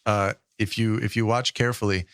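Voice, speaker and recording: A man in his thirties co-hosting a podcast, explaining things in a measured, casual way with frequent ums. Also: fairly low pitch, level tone, fairly bright tone, dry recording, clean studio sound. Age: 30s. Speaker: podcast co-host. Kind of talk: casual chat.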